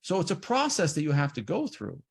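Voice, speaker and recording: A man giving an animated seminar talk on trading, acting out the inner voices of traders. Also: fairly high pitch, brisk, gravelly, husky. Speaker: trading educator.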